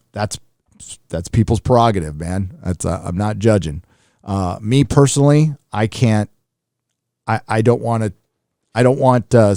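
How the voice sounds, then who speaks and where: A man's voice: on the low side, warm tone, no room sound, studio quality. A man hosting a live stream, reading viewer messages in loose, casual talk with fillers, restarts and swearing.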